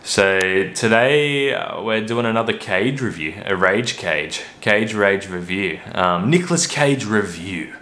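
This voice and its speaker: A man's voice: lowish voice, expressive, unhurried, hardly any pauses, pushed and bright. A man hosting a casual movie review vlog, rambling and hesitant with frequent restarts. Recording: roomy echo.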